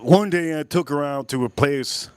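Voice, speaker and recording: A man's voice: on the high side, normal speed, darkish tone, smooth, no echo. A man hosting a casual livestream, telling a crude story with lots of repetition. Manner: crude, rambling, repeats himself for effect. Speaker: livestream host.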